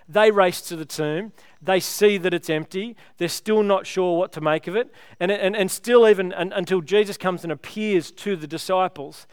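A man's voice: high-pitched, clear, resonant tone, no echo, clean studio sound. A man preaching a sermon, retelling a story with rhetorical questions in a conversational way.

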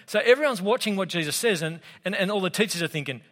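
An Australian man preaching a sermon in a relaxed, conversational way, with humorous asides, as a pastor with young kids. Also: sits high, fast talker, hardly any pauses. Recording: long hall reverb.

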